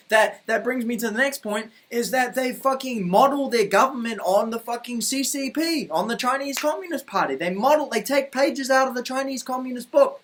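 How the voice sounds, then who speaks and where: Kiwi-accented man, angry profane vlog rant, voice sits high. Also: moderate pace, hardly any pauses, fairly bright tone. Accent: New Zealand. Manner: profane, heated, repetitive ranting. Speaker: vlogger.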